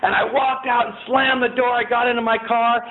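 Animated high-voiced man telling his recovery story. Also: a little fast. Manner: animated storyteller, with many fillers, who raises his voice when reliving scenes. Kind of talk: personal testimony talk. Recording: tinny phone-like sound with faint noise.

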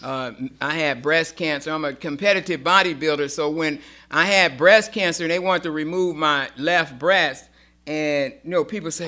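A middle-aged woman gives an emphatic personal testimony to a meeting. Her voice is sharp and forceful, very bright in tone, and she slips into the voices of people she quotes as she tells it. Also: deep voice, normal speed. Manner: emphatic storyteller acting out quoted dialogue. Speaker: speaker sharing at a recovery meeting.

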